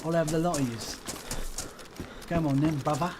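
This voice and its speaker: Brief: man playing an aggressive English tough guy, trash-talk, lighter pitch. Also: moderate pace, creaky, background noise. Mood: taunting. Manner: swearing trash-talk in put-on English accent. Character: swaggering aggressive northern English male brawler.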